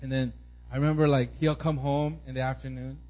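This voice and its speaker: Speaking a little fast in a mid-range voice, a thirtysomething pastor delivers a conversational sermon of family stories, peppered with "right?" and lively impressions of his son's excited squeals. The audio has its highs cut off.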